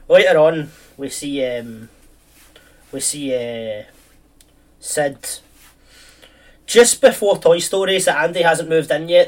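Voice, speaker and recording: A man's voice: on the high side, recorded from a distance. A man chatting casually, rambling through a film plot with lots of fillers and restarts.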